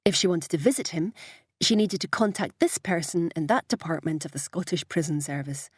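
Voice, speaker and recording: A woman reads a novel aloud in a measured, even manner. Her voice is husky and low, and the close mic gives it a dry, close sound with no room in it. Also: dry recording. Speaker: audiobook narrator. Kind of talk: scripted narration.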